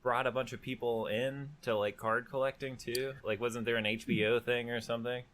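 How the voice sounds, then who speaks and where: A man co-hosting a casual hobby podcast, talking in a relaxed, self-deprecating and hesitant way. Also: medium pitch, brisk. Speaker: podcast co-host.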